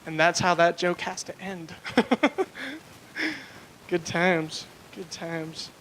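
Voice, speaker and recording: A man's voice: high-pitched, big pitch swings, extremely slow, fairly bright tone, slight background noise. A young man doing a rambling, crude stand-up comedy set on a live club stage, full of filler words.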